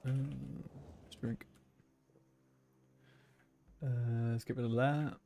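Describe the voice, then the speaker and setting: A man's voice: medium pitch, steady tone, very slow, vocal fry, warm tone, a little hiss or hum. Chatty man muttering through a game stream. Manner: chatty, swears often, mutters to himself while playing. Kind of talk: casual gaming livestream chat.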